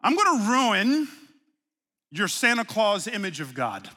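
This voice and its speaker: A middle-aged man preaching in a high, ringing voice that carries a lot of edge and brightness. He talks through his sermon like a story, punching key words loudly, then dropping to hushed, low asides. The sound is a live recording with long reverb trailing off the walls of a large sanctuary. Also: wildly swooping pitch, unhurried. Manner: conversational preaching with anecdotes, swings from loud emphasis to low asides. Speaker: pastor.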